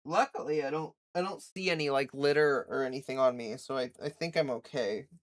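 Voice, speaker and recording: Streaming casually from home, a livestream host talks loosely with her viewers, replying to chat and filling her speech with "like." She has a rumbling low voice and talks fairly quickly.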